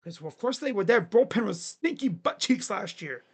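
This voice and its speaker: A sports channel host chatting casually on a live stream, making predictions in a jokey, rambling way with sudden shouted bits. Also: mid-range voice, expressive, normal speed, husky. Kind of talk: casual live-stream commentary on baseball free agents.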